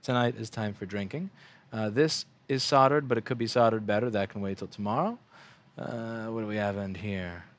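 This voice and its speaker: A man's voice: fairly low pitch, moderate pace. A man in his twenties from the United States, ranting profanely and rambling while working at a repair bench. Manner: profane, rambling, animated rants with mocking put-on voices. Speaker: repair shop owner streaming bench work. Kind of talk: casual ranting livestream.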